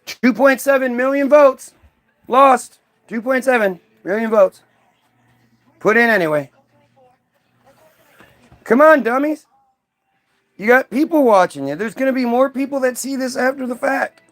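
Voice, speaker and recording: A man's voice: extremely high pitch, expressive, unhurried, pauses often, fairly bright tone. A man hosting a livestream, mocking and confronting his commenters in a profane, combative rant. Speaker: livestream host. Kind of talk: ranting at commenters.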